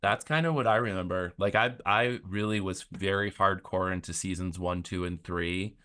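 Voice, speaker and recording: A man's voice: low voice, normal speed, pushed and bright, smooth. A man chatting casually as a podcast guest, rambling with many "like" fillers. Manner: rambling, filler-heavy talk with lots of "like".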